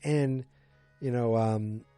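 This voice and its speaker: A man's voice: medium pitch, steady tone, takes it slowly, mellow, dry recording, faint music behind. A man in his forties hosting a casual solo podcast recap, rambling with many fillers and restarts and throwing in exasperated asides. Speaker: podcast host.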